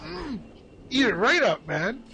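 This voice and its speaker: A man's voice: sits high, fairly bright tone, rough recording. A man joking with friends over a video game, telling rambling absurd stories and drawing out his punchlines. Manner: rambling absurd tall tales, slow drawl for punchlines. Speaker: co-host of a gaming stream. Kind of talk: joking gaming banter.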